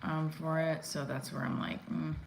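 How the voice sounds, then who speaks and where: A woman with a low voice rambles through a casual live stream, candid and unpolished, dropping fillers and the odd curse. She speaks as an actress talking straight to her viewers. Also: little pitch movement, normal speed, creaky, a little hiss or hum, low-quality recording.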